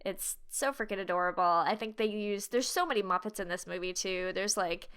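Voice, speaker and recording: Giggly woman with a smooth voice. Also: mid-range voice, fairly quick, fairly bright tone. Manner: enthusiastic, giggly, lots of likes and ums. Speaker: podcast co-host. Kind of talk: casual chat.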